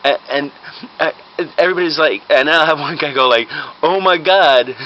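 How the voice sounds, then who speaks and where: Rambling, chuckling man with a bright voice. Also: fairly high pitch, brisk. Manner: rambling, chuckling, keeps tagging "right?". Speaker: comedic storyteller. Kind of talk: rambling casual storytelling. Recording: slightly muffled with faint hiss.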